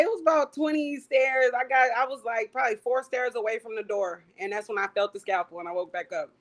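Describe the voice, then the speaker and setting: A young adult woman telling a personal story as an interview guest, animated and acting out what she said back then. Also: high voice. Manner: animated, acts out her own past lines.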